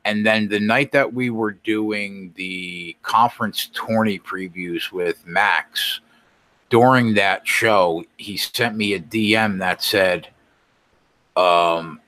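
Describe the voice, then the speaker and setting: Deep-voiced blunt man, dry close sound. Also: slow, bright, forceful tone, no echo. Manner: blunt, swears freely. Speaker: podcast co-host. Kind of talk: casual sports betting chat.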